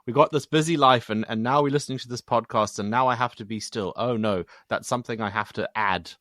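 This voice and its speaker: A man's voice: mid-range voice, quick pace, fairly bright tone, dry recording, clean studio sound. A man hosting a podcast interview, speaking thoughtfully and hesitantly, often restarting his sentences. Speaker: podcast host.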